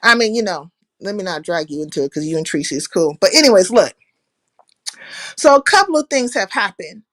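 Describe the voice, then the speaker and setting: A woman's voice: medium pitch, lively intonation, a little fast, no room sound. A woman hosting a casual livestream, talking animatedly, cursing freely and greeting viewers by name. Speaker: livestream host.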